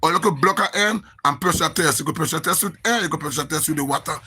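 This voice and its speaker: A man's voice: on the high side, quick pace, pushed and bright, breathy edge. A man with a Grenadian accent ranting on a live social media stream, emphatic and repetitive, sounding exasperated.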